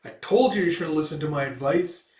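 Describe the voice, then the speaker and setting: A man's voice: on the high side, quick pace, darkish tone, pitched above the performer's own voice, close to an everyday voice. A man voicing a small, cheeky male elf who chatters and teases, recorded with a roomy, distant sound. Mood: teasing. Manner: chatty, teasing.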